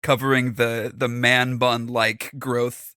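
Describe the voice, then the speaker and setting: A man's voice: mid-range voice, level tone, slow pace, bright, forceful tone, clear, resonant tone, no echo, studio quality. A man playing a tabletop game, joking and laughing as he describes his moves. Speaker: player. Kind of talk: casual tabletop play.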